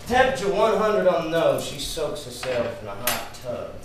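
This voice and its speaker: An actor playing a brash, mocking working-class husband who taunts and bullies, in an amateur stage play. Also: male voice, on the high side, very animated, moderate pace, very noisy. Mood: gruff. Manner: sneering, taunting, forceful. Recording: echoey room, distant mic.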